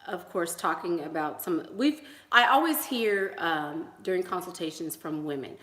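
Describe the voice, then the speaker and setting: A woman's voice: on the low side, animated, moderate pace, fairly bright tone. A woman coaching on relationships in a casual livestream chat, chatty and emphatic, laughing between thoughts while she does her makeup at home. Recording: echoey room.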